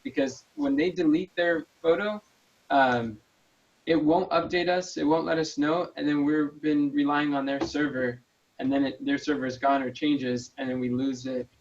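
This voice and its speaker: A man patiently explaining slide design in a casual video call, with fillers and restarts. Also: mid-range voice. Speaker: volunteer teaching slide design. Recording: muffled, distant video call audio.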